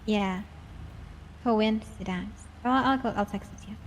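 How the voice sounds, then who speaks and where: A woman playing a fellow character in casual role-play chat, talking quickly and restarting her sentences. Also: medium pitch, a little hiss or hum, poor audio.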